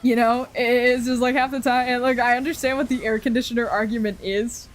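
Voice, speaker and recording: Young woman, casual stream rant, profane and rambling, a touch high-pitched. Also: fairly even intonation, brisk, slight background noise. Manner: rambling, profane ranting with frequent laughs.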